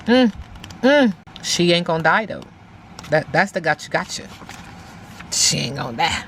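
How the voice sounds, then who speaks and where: A woman's voice: on the low side, big pitch swings, unhurried, fairly bright tone, a little hiss or hum. A woman giving a casual spiritual tarot reading, emphatic, talking aloud to spirit and repeating phrases. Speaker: tarot reader.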